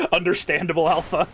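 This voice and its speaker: A man's voice: high-pitched, background noise. A man livestreaming and reading chat, rambling casually with wry, profane humor and lots of fillers.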